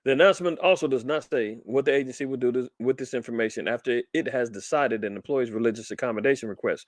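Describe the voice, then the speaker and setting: Male commentary host, mid pitch, dry close sound, reads news aloud and then fires off rhetorical questions. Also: fast, no echo. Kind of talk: casual commentary reading articles aloud.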